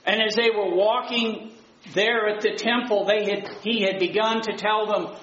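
A pastor preaching a sermon in a church, retelling the story in a plain, conversational way. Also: male voice, high-pitched, steady tone, moderate pace, a bit bright. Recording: roomy, muffled church recording.

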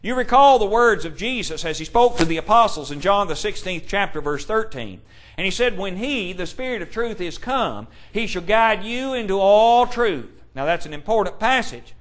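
A man preaching a sermon, reading scripture aloud and pressing his points with slow, deliberate emphasis. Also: sits high, lively intonation. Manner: reads scripture aloud in King James wording.

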